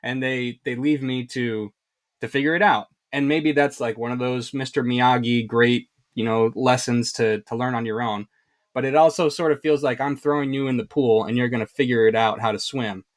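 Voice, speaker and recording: A man's voice: mid-range voice, fairly even intonation, normal speed. A man hosting an interview, asking a long question in a hesitant, thoughtful way. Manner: thoughtful, hesitant phrasing with light laughs. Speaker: podcast host.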